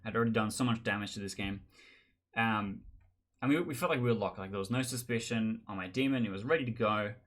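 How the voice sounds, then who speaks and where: Male host, lowish voice, casual animated storytelling, acts out other players' lines. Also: fast talker. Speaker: board game channel host.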